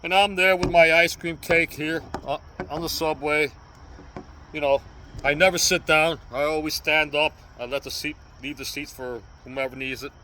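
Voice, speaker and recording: A man's voice: fairly high pitch, steady tone, normal speed, bright, forceful tone, slight background noise, rough recording. An older man, telling a story in casual street talk and punctuating it with sound effects. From New York. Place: outdoors on a city street.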